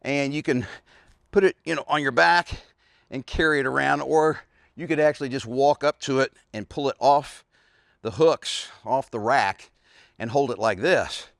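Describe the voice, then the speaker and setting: A man's voice: medium pitch, normal speed, gravelly, a bit bright, dry recording, studio quality. Out-of-breath man demonstrating exercises. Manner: talks while lifting, grunting and sighing with effort. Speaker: fitness coach. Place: outdoors in a backyard.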